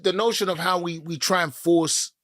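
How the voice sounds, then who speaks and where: Higher-voiced podcast co-host. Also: male voice, steady tone, moderate pace, fairly bright tone, no echo, studio quality. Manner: laughs often, uses slang. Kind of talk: casual chat.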